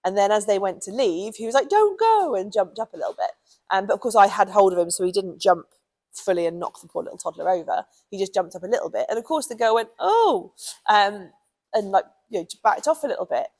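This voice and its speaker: A woman's voice: medium pitch, fast talker, darkish tone, poor audio. A British woman who trains dogs, giving chatty, casual advice with plenty of ums and you knows. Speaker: dog trainer.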